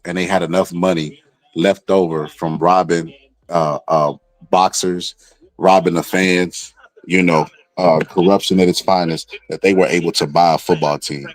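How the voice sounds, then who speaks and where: A man with a very low voice hosts a live stream and gives casual commentary. He is blunt and mocking, and he repeats his points. His voice is dry and close to the mic. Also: a little mellow, no echo. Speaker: livestream host reacting to a boxing broadcast.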